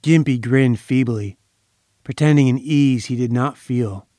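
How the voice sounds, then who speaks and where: A man reading a crime story aloud in measured, dramatic audiobook narration. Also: medium pitch, mellow, no echo, studio quality.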